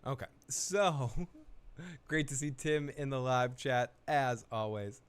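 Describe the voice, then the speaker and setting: A man's voice: medium pitch, steady tone, slow pace, soft background music. A man hosting a live television recap, retelling scenes in a crude, joking, rambling way. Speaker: host of a live TV recap show. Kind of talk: casual live recap commentary.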